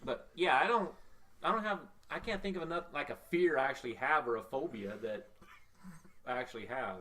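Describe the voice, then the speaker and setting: A man's voice: medium pitch, fairly quick, pushed and bright. A man co-hosting a casual podcast, rambling through his thoughts with a self-deprecating, joking manner. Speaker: podcast co-host.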